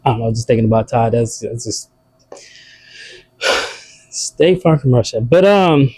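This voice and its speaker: A man's voice: mid-range voice, expressive, measured pace, a little mellow, husky, no echo. A man telling rambling comic stories casually, laughing between lines.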